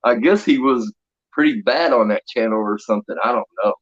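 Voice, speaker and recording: A man's voice: mid-range voice, fairly quick. A man chatting casually on a livestream, laughing often as he tells rambling stories. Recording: dull lo-fi stream audio.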